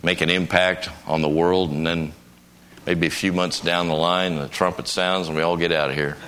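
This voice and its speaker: A man's voice: low voice, flat delivery, normal speed, a bit bright, a little hiss or hum. An older man preaching at a conference, telling a folksy personal story and breaking into emphatic bursts. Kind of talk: conference sermon.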